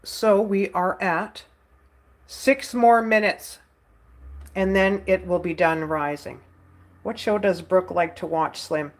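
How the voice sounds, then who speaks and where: A woman's voice: on the low side, steady tone, takes it slowly. A woman vlogger with a stuffy nose, rambling casually about her son while making bread dough at home. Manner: rambling, chatty, warm toward her son, many "like"s. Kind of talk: casual chat while cooking. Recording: roomy echo.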